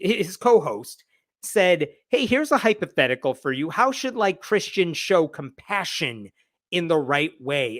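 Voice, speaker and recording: A man's voice: on the high side, fairly bright tone, no echo, studio quality. A man hosting a live news commentary stream, talking conversationally with a sarcastic edge. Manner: reads quotes aloud with shifting emphasis. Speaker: host.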